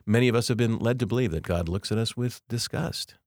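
A man hosting a podcast, giving a reflective devotional monologue with slow, deliberate, emphatic phrasing. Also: medium pitch, darkish tone, no room sound, clean studio sound. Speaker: podcast host.

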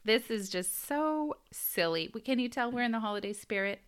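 A woman's voice: a little high, expressive, normal speed, clean tone. An American woman co-hosting a podcast, chatting casually and laughing often as she tells a story. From United States. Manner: giggly, storytelling. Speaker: podcast co-host. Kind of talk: casual chat.

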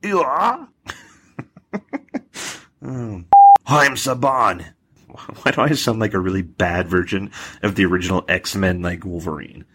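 A man's voice: sits low, normal speed, pauses often, fairly bright tone, a little hiss or hum. A man recording a jokey message for a podcast, laughing between lines. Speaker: podcast contributor.

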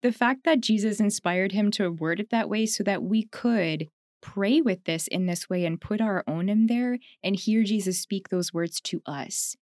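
A woman's voice: mid-range voice, a little slow, darkish tone, no echo, studio quality. A woman from Canada co-hosting a podcast, telling a story in a casual, reflective way, with lots of "like" and frequent laughter. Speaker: podcast co-host.

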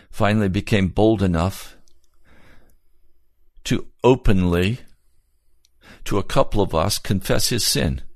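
A man preaching a sermon earnestly and emphatically, repeating key phrases and moving between low, grave passages and raised, urgent ones. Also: gravelly, no room sound, studio quality.

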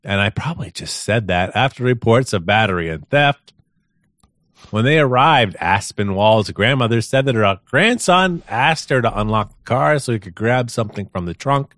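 A podcast co-host with a medium-pitched, fairly bright voice reads news stories aloud in an animated, moderately paced way. The recording is clean studio sound with no room echo, and he sounds casual and amused, chuckling frequently.

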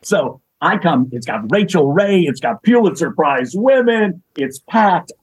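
Man, very husky voice, podcast guest, animated anecdotes. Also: a little high, a little slow, rough recording. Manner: lively anecdotes with acted quotes and laughter. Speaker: guest, executive search consultant. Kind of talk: storytelling in a podcast interview.

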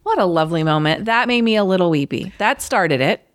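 A woman's voice: lowish voice, brisk, no room sound, clean studio sound. A woman co-hosting a casual movie review podcast, telling her story with feeling. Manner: emotional, animated storyteller. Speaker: podcast co-host.

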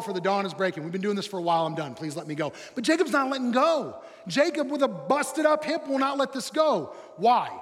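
A man preaching a sermon, animated, swinging between loud excited bursts and quiet, low, intense stretches. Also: big-room sound. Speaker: pastor.

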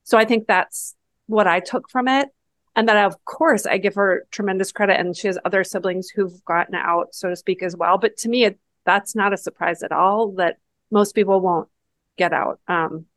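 A woman's voice: medium pitch, steady tone, normal speed, no room sound. Earnest woman co-host, dry close mic. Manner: reflective, earnest, thinks aloud. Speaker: podcast co-host. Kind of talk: casual book-club chat.

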